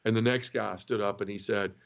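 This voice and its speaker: Man telling a frank, animated story. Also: fairly low pitch, a little fast, creaky, dull audio. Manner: animated, acts out quoted dialogue; frank and emotional, with restarts. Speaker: interview guest telling his conversion story. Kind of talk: casual storytelling.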